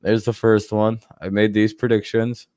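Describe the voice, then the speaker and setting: A man's voice: lowish voice, little pitch movement, normal speed, a little mellow, no room sound, clean studio sound. A man hosting a casual livestream, rambling loosely and swearing freely, with frequent laughs. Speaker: streamer host.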